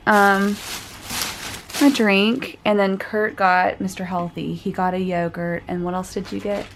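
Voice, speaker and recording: A woman's voice: medium pitch, gravelly. Chatty woman vlogging outdoors, noisy audio. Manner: chatty, enthusiastic, many fillers. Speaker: travel vlogger. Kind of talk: casual travel vlog. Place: out of doors in a park and city.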